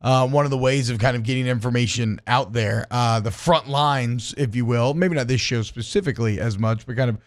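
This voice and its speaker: A man's voice: medium pitch, a little fast, few pauses. A man hosting a sports radio show in a studio, chatting casually with many restarts and jokes. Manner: rambling, jokey, many restarts.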